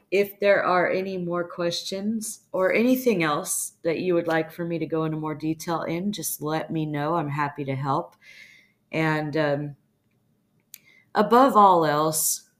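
Low-voiced blunt woman giving advice. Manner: blunt, plain-spoken, swears casually; calm, steady, instructive. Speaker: podcast host answering a listener question. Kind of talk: advice monologue.

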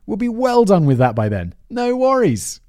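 A man's voice: high voice, wildly swooping pitch, normal speed, warm tone, pitched above the performer's own voice. A man with an English accent voicing a laid-back Australian bloke in an exaggerated mock Australian accent, breezy and dismissive.

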